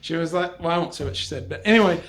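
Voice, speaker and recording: High-pitched middle-aged father, animated storyteller guest, studio podcast. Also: rapid-fire. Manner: animated, laughing as he tells funny travel stories. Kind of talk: casual storytelling.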